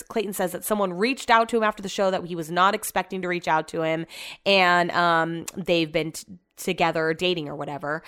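Smooth-voiced woman podcaster, chatty and blunt. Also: on the low side, a bit bright. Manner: chatty, blunt and sarcastic, swears freely. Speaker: podcast host. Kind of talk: casual reality-TV recap.

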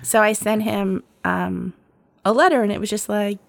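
Gravelly-voiced woman telling a story. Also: mid-range voice, normal speed, dry recording. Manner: lively storyteller who acts out quoted dialogue and laughs often. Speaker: guest telling a personal story. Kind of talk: casual storytelling conversation.

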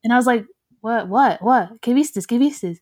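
A woman's voice: a little high, moderate pace, a little mellow. Young woman telling a story. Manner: mixes English and Spanish, swears freely, laughs often. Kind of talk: casual chat.

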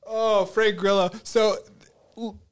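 High-voiced joking podcast co-host man. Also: little pitch movement, slow pace, faint music behind. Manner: joking, laughs often, crude banter. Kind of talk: casual chat.

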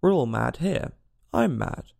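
Sly lazy grinning cat, a man doing it, low and slow, gravelly, drawn out. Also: dry recording, studio quality, heavily acted. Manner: slow, calm and teasing.

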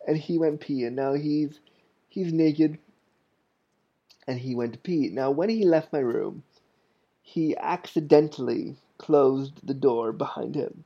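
A man's voice: fairly high pitch, slow pace, vocal fry, husky. Candid man telling a story in muffled sound. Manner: candid, self-deprecating, rambling with restarts. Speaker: podcast host. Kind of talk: casual storytelling.

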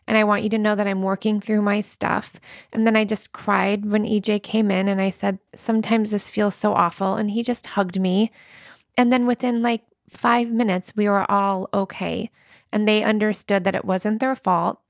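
A woman in her thirties or forties chatting candidly as a podcast co-host. Her mid-pitched voice has a gravelly fry, and she speaks openly and often breaks into laughter. The recording is close and dry. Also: no echo. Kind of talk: casual chat.

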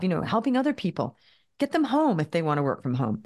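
Animated woman telling stories in her fifties. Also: fairly low pitch. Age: fifties or older. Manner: animated storyteller acting out quoted dialogue; quick talker who repeats and restarts words. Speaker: guest business coach. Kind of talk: conversational podcast interview.

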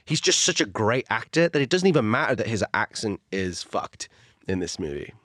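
A man's voice: on the low side, big pitch swings, normal speed, fairly bright tone, dry recording. A man with an English accent co-hosting a film podcast, chatting in a dry, wry, thoughtful way. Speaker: podcast co-host, screenwriter. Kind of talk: casual film podcast chat.

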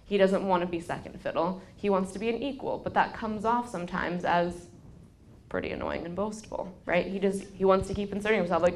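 A woman in her thirties hosts a podcast and talks casually about parenting, candid and conversational. She tells stories from her own home and acts out what people said. Her voice sits in an ordinary middle pitch, with faint noise behind it. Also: a little fast. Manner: candid storytelling, quotes people in a lively way. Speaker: podcast host. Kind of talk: casual advice talk.

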